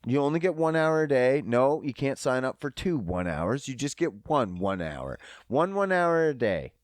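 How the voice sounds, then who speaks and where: A man's voice: medium pitch, very animated, normal speed, dry recording, clean studio sound. A young man hosting a comedy podcast on his own, rambling, swearing and poking fun at himself. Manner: profane, rambling, self-mocking. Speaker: podcast host. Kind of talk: solo comedic podcast rant.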